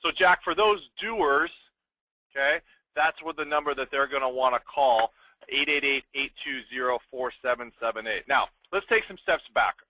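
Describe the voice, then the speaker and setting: A man hosting a sales webinar, pitching with upbeat rhetorical questions and frequent "okay?" check-ins. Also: normal speed, bright, forceful tone, no room sound, poor audio. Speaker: webinar host.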